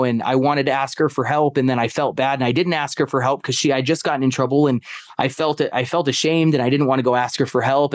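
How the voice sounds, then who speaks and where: A man's voice: mid-range voice, dry recording. Man, casual storyteller, rambling, lots of fillers, dry close mic. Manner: rambling, heavy on fillers like "like" and "right?". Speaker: podcast guest; stepfather.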